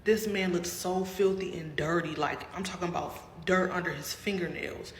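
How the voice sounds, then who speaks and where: A woman's voice: lowish voice, steady tone, moderate pace. A woman telling a personal story in a casual, dramatic way, often calling out to her viewers. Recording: roomy with long reverb and faint noise.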